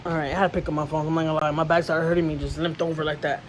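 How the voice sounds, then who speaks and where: A woman's voice: low-pitched, flat delivery, racing, slight background noise, rough recording. A woman vlogger chatting casually to camera, rambling and emotional, with frequent restarts and repeated words. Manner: emotional storytelling.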